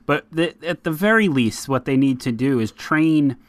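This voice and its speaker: A man's voice: a little high, normal speed, dry recording. A man co-hosting a podcast, joking around in casual chat. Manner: joking, animated impressions. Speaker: podcast co-host.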